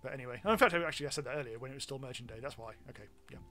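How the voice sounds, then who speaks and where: A man's voice: mid-range voice, racing, bright, forceful tone, soft background music. A British man streaming a game live, chatting casually and rambling with self-mocking asides and frequent ums. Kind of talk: live gameplay commentary.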